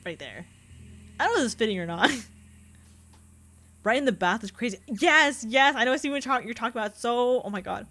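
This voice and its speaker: Her voice is a little high, animated, and sharp, moving briskly but with long pauses. She's a young adult VTuber streamer chatting casually during a gaming live stream, laughing often as she reads chat.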